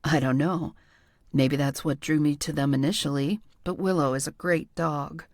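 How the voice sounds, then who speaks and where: A woman narrator voicing a shy, gentle man with a soft, hesitant way of talking, in a lowered voice. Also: steady tone, moderate pace, dry recording, studio quality, lightly acted. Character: shy, gentle young man, kind dog owner.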